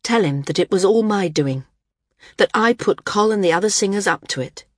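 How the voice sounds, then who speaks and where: A woman's voice: mid-range voice, expressive, moderate pace, no room sound, clean studio sound, pitched above the performer's own voice, natural voice. A woman voicing a determined woman flyer, speaking in an earnest, resolute way in an audiobook. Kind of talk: audiobook character reading.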